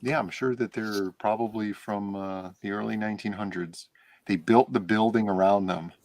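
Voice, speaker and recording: Low-voiced man with dry wit. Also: steady tone, normal speed, darkish tone, no echo. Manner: dry, wry humor. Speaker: podcast co-host. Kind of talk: casual chat.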